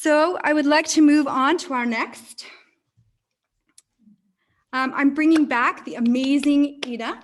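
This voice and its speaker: A woman's voice: high-pitched, unhurried, pauses often. Affirming woman hosting a video call. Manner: warm, affirming, stacks short praise words. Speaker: event host. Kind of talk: online event hosting.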